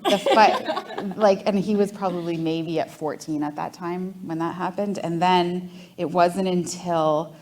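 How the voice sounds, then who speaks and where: A Canadian woman in her forties, an entrepreneur guest in a live onstage interview, telling lively stories and laughing often. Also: lowish voice, a little slow. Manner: animated storytelling, laughs often.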